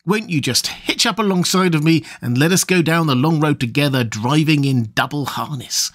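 A man's voice: on the high side, moderate pace, fairly bright tone, no room sound. Earnest young American suitor with folksy slang, man reading, dry and close. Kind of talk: audiobook reading.

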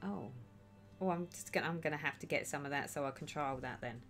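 A woman's voice: deep voice, fast talker, a bit bright, soft background music. A woman hosting a casual stitching livestream, chatting and reading viewers' comments aloud with a lot of giggling. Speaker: livestream host.

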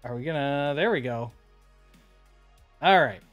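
A man's voice: mid-range voice, lively intonation, measured pace, a bit bright, no room sound, soft background music. A man streaming live, opening card packs and chatting casually with his viewers. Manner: chatty, reads card names aloud, talks to chat.

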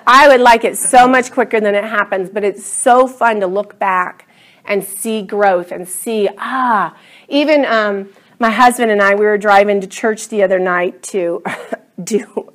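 A woman's voice: medium pitch, measured pace, a bit bright. A middle-aged woman teaching a class Bible study, earnest and enthusiastic, often drawing her words out.

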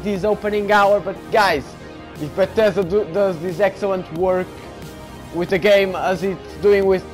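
A man giving excited let's play commentary while gaming, often calling his audience bro. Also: high-pitched. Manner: excitable, keeps saying bro. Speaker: gamer.

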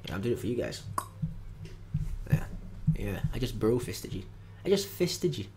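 A man's voice: on the low side, sing-song, normal speed, background noise. A young man giving casual, grumbling commentary with dry jokes as he opens card packs in a game video. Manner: dry, grumbling, jokey asides. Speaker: gaming video host.

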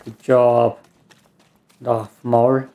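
A man's voice: medium pitch, flat delivery, extremely slow, mellow. A man with a German accent, a native German speaker, giving rambling, self-mocking let's play commentary and cursing at the game. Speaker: gamer.

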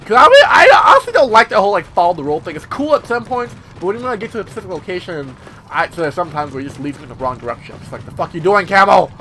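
A man giving let's play commentary over a video game, loud, joking and heavily profane. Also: high voice, huge pitch swings, very fast, a little hiss or hum. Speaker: gaming video host.

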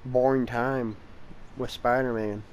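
Tired, frustrated young gaming host. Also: male voice, medium pitch, steady tone, slow pace, a little mellow, lo-fi sound, slight background noise. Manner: frustrated, impatient, talks to the game. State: tired and yawning. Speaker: gameplay channel host. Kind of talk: casual let's-play commentary.

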